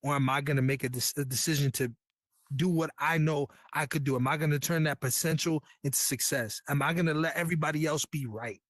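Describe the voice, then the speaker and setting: Navy vet guy from new york, kinda high voice, dry close sound, slangy and earnest storytelling. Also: steady tone, fairly quick, fairly bright tone, no echo. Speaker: Navy veteran guest. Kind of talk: casual storytelling.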